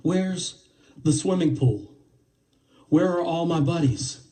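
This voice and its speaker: A man's voice: on the high side, slow pace, mellow, recorded from a distance. A man doing an indignant dead politician. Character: self-assured male politician, newly dead.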